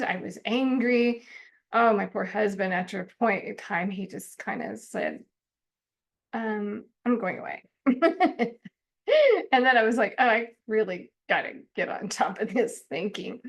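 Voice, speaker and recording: A woman's voice: mid-range voice, unhurried, vocal fry. A middle-aged woman counselor teaching a self-help method in a chatty, informal way, often laughing and acting out her own complaints.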